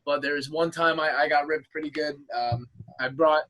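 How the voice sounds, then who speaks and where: Casting: young man from New Jersey, bright tense voice, casual chatter full of "like.". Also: a little high, normal speed, low-quality recording. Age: young adult. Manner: lots of "like" fillers, animated retelling. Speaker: wrestler guest. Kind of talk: casual chat.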